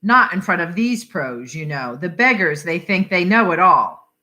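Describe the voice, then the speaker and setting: Brief: a woman doing a blustering know-it-all Englishman, loud, put-on English accent, bright lively voice. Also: fairly low pitch, measured pace. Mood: blustery. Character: pompous talkative Englishman, middle-aged man.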